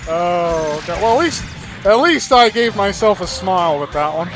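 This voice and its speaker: A man's voice: sits high, expressive, normal speed, noisy background. A tired man hosting a game let's play, rambling and self-deprecating in his commentary. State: exhausted. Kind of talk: gameplay commentary.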